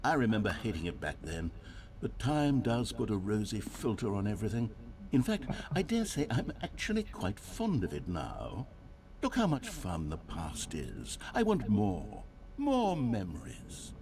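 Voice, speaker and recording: An actor playing a wistful, theatrical game narrator, speaking in a lilting, dramatic way. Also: male voice, on the low side, huge pitch swings, measured pace, a little mellow, full character voice. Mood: nostalgic. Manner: lilting, dramatic, swooping delivery. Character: wistful, theatrical male narrator, grandly nostalgic.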